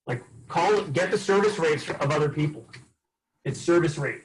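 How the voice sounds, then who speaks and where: A man's voice: fairly high pitch, normal speed, rough recording. A man leading a sales training session, telling customer stories casually and acting out the dialogue. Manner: casual, lively storytelling with acted-out dialogue.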